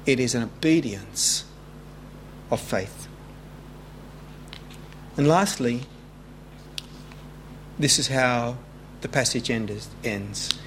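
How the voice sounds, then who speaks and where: A man preaching a sermon in an earnest way, rising in pitch when he stresses a point. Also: fairly bright tone, slight background noise. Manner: earnest, rising with emphasis, slow deliberate preaching. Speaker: pastor.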